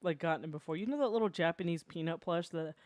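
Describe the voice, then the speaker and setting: A streamer chatting casually while drawing, telling animated stories and laughing often. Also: mid-range voice, fast talker, no echo.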